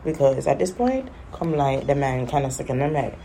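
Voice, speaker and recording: A woman telling a funny story in a casual vlog, animated, acting out voices and laughing often. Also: very deep voice, normal speed, hardly any pauses, slight background noise.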